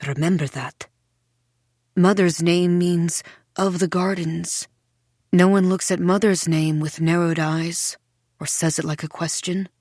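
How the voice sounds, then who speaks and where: Audiobook narrator, woman; low, measured, dry booth sound. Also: flat delivery, darkish tone, no room sound. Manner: measured storytelling. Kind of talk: first-person audiobook narration.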